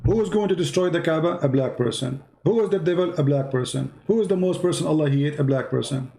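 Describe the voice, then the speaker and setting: A man leads a heated call-in debate, pressing his caller again and again. His voice sits a little high but sounds dark and mellow. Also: fast, gravelly, soft background music. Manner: insistent, challenging, repeats phrases.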